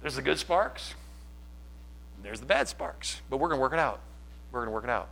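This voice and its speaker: A man preaching a sermon in his church, swinging from loud, lively delivery to quiet asides. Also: mid-range voice, normal speed, creaky. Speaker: pastor.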